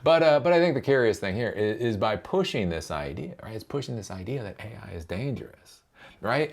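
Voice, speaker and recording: A low-pitched, expressive man speaks at normal speed as host of a tech commentary channel. He rants sarcastically, swears, and repeats himself, often tacking on a rhetorical "right?".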